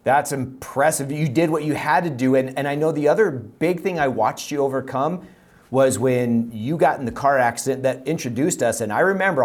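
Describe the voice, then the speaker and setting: A man hosting a podcast interview, speaking earnestly and slowly with frequent restarts. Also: mid-range voice. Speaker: podcast host. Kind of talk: conversational interview.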